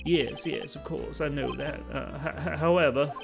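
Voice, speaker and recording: A man's voice: on the high side, normal speed, creaky, over music, pitched above the performer's own voice. A man voicing a pompous older male lawyer who blusters, stammers and speaks grandly.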